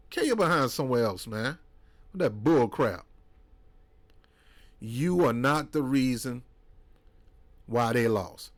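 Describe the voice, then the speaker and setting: A man's voice: mid-range voice, lively intonation, takes it slowly, long pauses. A man, giving a heated, preachy political monologue as a commentator. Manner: heated, preachy, mocking put-on voices.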